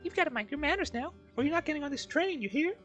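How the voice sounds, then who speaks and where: A man doing a shrill scolding woman. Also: lively intonation, rapid-fire, a bit bright, faint music behind.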